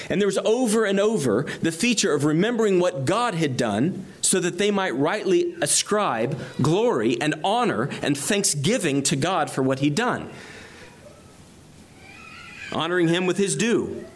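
A pastor preaches an expository sermon, reading scripture aloud and explaining it verse by verse while his emphasis rises on key phrases. His voice is fairly high, with lively intonation, at normal speed.

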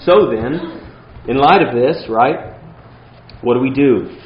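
A man's voice: medium pitch, expressive, takes it slowly, roomy sound, highs cut off. A man preaching a sermon as pastor, earnest and emphatic, with casual asides to the congregation.

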